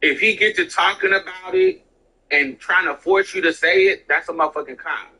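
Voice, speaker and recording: Brief: woman streamer, casual and profane, swinging pitch, husky edge. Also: very animated, normal speed, pushed and bright, rough recording. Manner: blunt and profane, acts out quoted voices. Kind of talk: casual chat while gaming.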